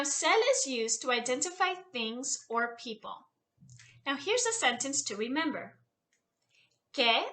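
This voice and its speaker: A woman tutor teaching a language lesson over a headset mic, repeating each word slowly for her learners. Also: sits high, fairly bright tone. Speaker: Spanish tutor. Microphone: USB headset.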